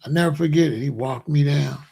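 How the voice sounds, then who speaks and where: High, gravelly-voiced man telling a story. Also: fairly quick, mellow. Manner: rambling, emphatic, breaks into laughs. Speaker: channel host. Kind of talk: casual storytelling monologue.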